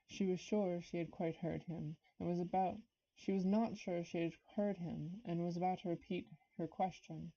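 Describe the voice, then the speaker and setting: Woman reading a novel on a live stream, dark mellow voice, nervous, dull lo-fi audio. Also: on the low side, steady tone, moderate pace. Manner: nervous, stops to comment and greet chat viewers. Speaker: reader of a classic novel.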